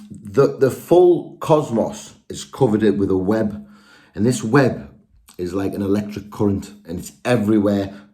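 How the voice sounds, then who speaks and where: A man with a low, mellow voice talking straight to his viewers in a loose, rambling monologue. He restarts his sentences often, and his tone stays earnest throughout. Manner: rambling, self-correcting, earnest. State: out of breath. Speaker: spiritual video speaker.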